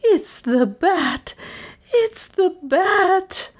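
A gloomy maid gives way to hysterics in a storybook, as a woman reads her. Her voice shoots up high and shrill. She stretches each word out slowly and sobs through it. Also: expressive, exaggerated voice. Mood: hysterical. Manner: shrill, sobbing, panicky.

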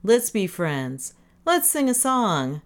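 A woman's voice: medium pitch, sing-song, slow, voice pushed up. A woman voicing a drunk, good-natured but needling ship captain who talks in a boisterous, mocking, slurred way. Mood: jovial.

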